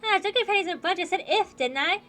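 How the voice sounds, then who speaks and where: A woman's voice: very high voice, expressive, pushed and bright, soft background music, voice pushed up, heavily acted. Woman doing a brash, teasing mercenary woman. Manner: playful taunting, drawn-out words. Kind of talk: voicing game dialogue.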